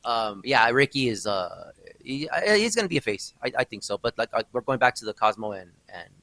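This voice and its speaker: Animated, bright-voiced man hosting a podcast. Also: medium pitch, fairly quick, creaky, no room sound, poor audio. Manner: animated storytelling with mock outrage. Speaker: podcast host. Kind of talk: casual podcast chat.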